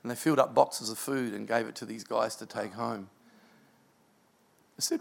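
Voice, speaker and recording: Gravelly pastor preaching a sermon. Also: male voice, medium pitch, steady tone, normal speed, long pauses. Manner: storytelling, emotional and earnest.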